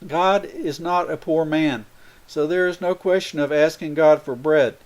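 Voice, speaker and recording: Earnest man with a smooth, clear voice. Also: on the high side, steady tone, a little slow, darkish tone. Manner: earnest, explains with everyday examples and acted quotes. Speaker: spiritual speaker. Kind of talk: sermon.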